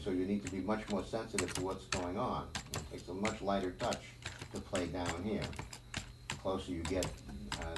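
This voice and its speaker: A man teaching a live drum lesson, rambling and thinking aloud with many fillers. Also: sits low. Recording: echoey room, mic at a distance, background noise.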